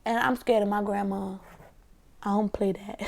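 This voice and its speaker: A young adult woman talking casually while eating, sliding between soft speech and whispers, rambling through stories full of "like". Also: mid-range voice, fairly even intonation, moderate pace, gravelly. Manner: rambling storyteller, heavy filler 'like'. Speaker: ASMR mukbang creator.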